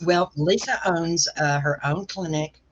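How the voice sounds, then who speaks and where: A host, asking questions in an unhurried, halting way in a remote interview. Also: medium pitch. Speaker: show host. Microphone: video call. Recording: dull lo-fi call audio with faint noise.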